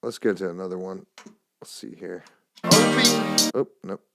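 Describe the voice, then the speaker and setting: Deep gravelly man rambling casually. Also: little pitch movement, fairly quick, loud music behind the voice. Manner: rambling, loose, swears casually. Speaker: podcast host. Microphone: phone camera.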